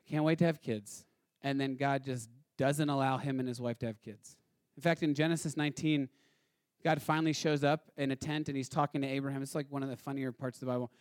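A man preaching a sermon, telling a Bible story with lively, casual asides and acting out the characters. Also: medium pitch, fast talker, no room sound, clean studio sound. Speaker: pastor.

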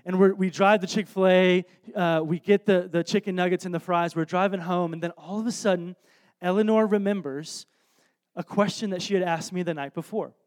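A man in his thirties preaching through an anecdote, animated and self-deprecating, with lots of restarts. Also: high-pitched, a little fast. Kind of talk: anecdotal sermon storytelling.

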